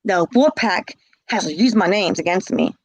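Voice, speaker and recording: Slow, blunt woman telling her story. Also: mid-range voice, no echo, low-quality recording. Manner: blunt and emphatic, repeating words. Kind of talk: casual spoken storytelling.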